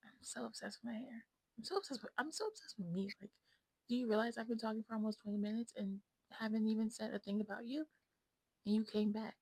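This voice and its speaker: Recorded roughly with no room sound, a woman in her twenties vlogs to her phone camera at home in a high-side, fairly quick, slightly mellow and slightly rough voice. She's frank and self-absorbed, rambling and frequently dropping to a whisper.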